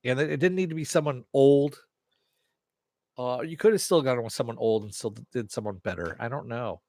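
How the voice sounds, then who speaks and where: A man's voice: mid-range voice, brisk, darkish tone, no echo. A man hosting a casual live TV review, rambling off the cuff, swearing now and then and answering chat comments. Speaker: TV review host.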